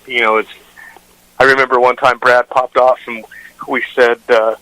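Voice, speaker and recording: Man, radio host, rambling storyteller, bright forceful tone, casual interview. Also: medium pitch, flat delivery, moderate pace, no echo, poor audio. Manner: rambling anecdotes with frequent restarts and fillers. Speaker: radio show host, guest.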